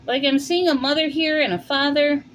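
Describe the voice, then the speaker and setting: A woman's voice: high voice, steady tone, moderate pace, slight background noise, low-quality recording. A woman with a New York accent giving a casual tarot reading, thinking aloud with plenty of fillers. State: warm and winded after shoveling. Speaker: tarot reader. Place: home in Colorado.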